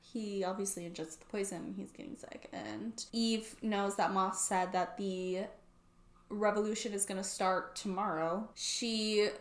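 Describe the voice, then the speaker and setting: A woman's voice: mid-range voice, steady tone, measured pace, roomy sound. A young woman recapping a book plot in a casual, sarcastic way, using "like" constantly. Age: young adult. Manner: chatty and sarcastic, heavy use of "like". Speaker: book YouTuber.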